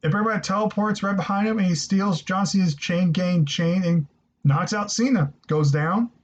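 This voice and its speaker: A man casually reviewing a wrestling show, excitable and rambling, swearing freely. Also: high voice, normal speed. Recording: dull lo-fi recording.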